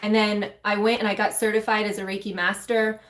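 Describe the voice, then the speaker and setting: Her mid-range voice is level in tone, a bit bright and a little fast as this spiritual coach and mentor for women tells her own story. She's emotional and candid on a live stream, speaking straight to viewers in a loose, conversational way.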